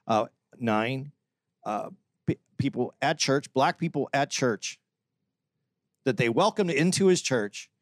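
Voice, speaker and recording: Male podcast co-host, mid-pitched, earnest and argumentative, dry close sound. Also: lively intonation, slow, long pauses, dry recording. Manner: earnest, argumentative, many restarts. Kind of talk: casual podcast discussion.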